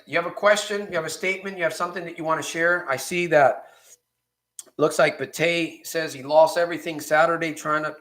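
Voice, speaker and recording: A man's voice: medium pitch, fairly bright tone. Encouraging male recovery coach, echoey room. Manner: encouraging, repeats phrases, reads viewer comments aloud. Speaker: recovery coach and show host. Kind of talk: live-stream motivational talk.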